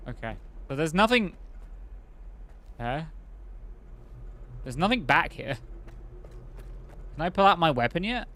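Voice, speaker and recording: A man's voice: fairly high pitch, sing-song, measured pace, long pauses, a bit bright. Rambling male game streamer. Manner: rambling, thinking aloud, many fillers. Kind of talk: casual gameplay commentary.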